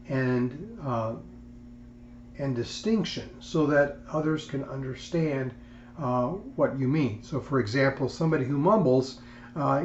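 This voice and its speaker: A man giving a recorded lecture in a measured way, with frequent fillers and restarts. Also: medium pitch, muffled recording, a little hiss or hum. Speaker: instructor.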